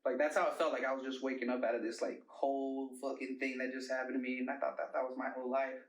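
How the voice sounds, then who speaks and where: A man's voice: medium pitch, little pitch movement, quick pace, recorded from a distance. Profane rambling young man telling a story. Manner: profane, rambling storyteller, bro-talk fillers. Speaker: rapper and producer guest. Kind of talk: casual storytelling interview. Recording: roomy, mic set back.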